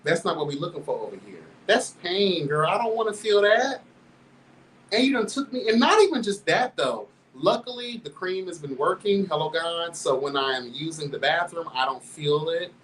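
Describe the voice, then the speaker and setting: A man's voice: on the high side, normal speed, far from the mic, a little hiss or hum, low-quality recording. A man hosting a show, telling a candid story in a sassy, flamboyant way, constantly addressing listeners as girl and laughing along. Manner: animated, laughs through the telling. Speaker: host.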